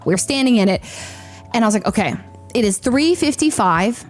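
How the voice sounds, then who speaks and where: A young woman, a streamer, telling a story in a lively, casual way with lots of fillers and sound effects. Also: mid-range voice.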